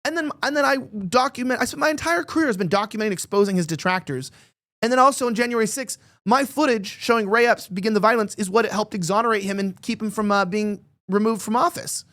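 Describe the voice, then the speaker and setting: A man's voice: high voice, fast, fairly bright tone. A man hosting a political commentary show, talking emphatically and rambling, often repeating words as he gets worked up.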